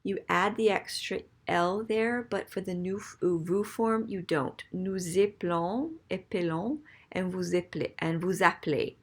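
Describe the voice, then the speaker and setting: A woman's voice: on the low side, fairly even intonation, measured pace, few pauses. A woman teaching French grammar in a recorded lesson, patiently spelling out letters and sounding out French words as models.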